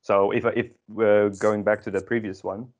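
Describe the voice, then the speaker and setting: A man's voice: fairly low pitch, flat delivery, moderate pace. A man teaching an online grammar lesson, explaining patiently with many ums and restarts. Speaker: Dutch language teacher.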